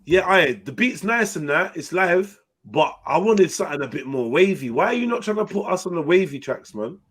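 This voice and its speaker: Animated man with a dry sound. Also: sits high, husky, dry recording. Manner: animated, quick slang-heavy banter. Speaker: livestream host. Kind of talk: casual group chat.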